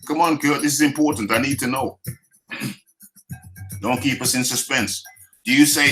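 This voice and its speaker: A British man hosts a casual live boxing stream with a bright, forward tone. He jokes, teases his chat and repeats phrases as he goes. Faint music runs low behind him. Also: fairly even intonation, moderate pace. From United Kingdom. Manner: jokey, teasing, chatty with viewers; laughs often, repeats phrases. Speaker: boxing talk show host.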